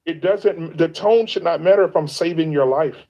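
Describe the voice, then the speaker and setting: Earnest guy on a muffled live stream, mellow voice a bit high, keeps restarting his sentences. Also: normal speed. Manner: earnest, emphatic, repeats himself and restarts often. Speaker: guest on a livestream, content creator. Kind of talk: casual livestream chat.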